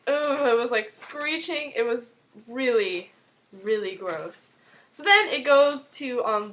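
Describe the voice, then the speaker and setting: A woman's voice: on the high side, a bit bright. A woman vlogger casually recapping a TV episode in a chatty way, full of "like". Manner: chatty, heavy use of "like", acts out quotes.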